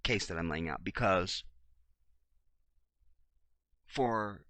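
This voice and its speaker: A man, talking to his viewers in an animated monologue and acting out the voices of the people in his stories. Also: low voice, very slow, no room sound. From Chicago, USA. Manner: animated storyteller, acts out dialogue, swings loud and soft. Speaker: video blogger. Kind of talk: casual monologue to camera.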